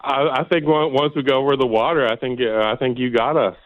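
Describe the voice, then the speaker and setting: A man's voice: medium pitch, steady tone, brisk. A man from Canada calling into a stream, easygoing and agreeable, sounding casual on the phone. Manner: easygoing, agreeable, laughs easily. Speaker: caller. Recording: tinny phone line.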